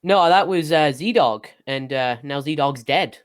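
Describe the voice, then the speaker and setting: A man's voice: on the high side, takes it slowly. A man in a gaming voice chat, hesitantly working through who he saw. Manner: hesitant, lots of ums while reasoning. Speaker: gamer in a group voice chat.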